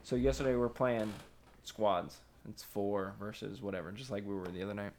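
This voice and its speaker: A man's voice: on the low side, moderate pace, slight background noise. A man in casual podcast chat, telling gaming stories with lots of laughing and swearing. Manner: laughs often, swears, animated storytelling.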